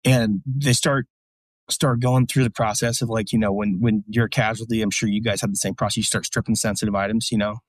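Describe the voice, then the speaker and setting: A man's voice: on the low side, steady tone, brisk, no echo. A man, a military veteran guest, telling a story casually in a blunt, profane, rambling way with lots of fillers.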